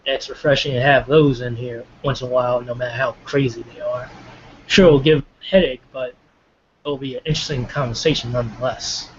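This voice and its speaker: A man's voice: medium pitch, fairly even intonation, brisk. A man with a mid-range voice talks loosely and keeps dropping "like" into his sentences during a casual group chat. The audio is dull and lo-fi. A faint noise runs underneath. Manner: loose, fills speech with "like". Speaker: hangout participant. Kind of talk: casual online group discussion.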